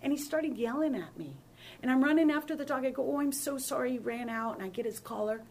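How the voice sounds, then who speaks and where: A woman pastor leading a Bible study, telling stories and acting out dialogue with lively shifts in voice. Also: fairly high pitch, fast. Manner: animated storyteller, acts out dialogue.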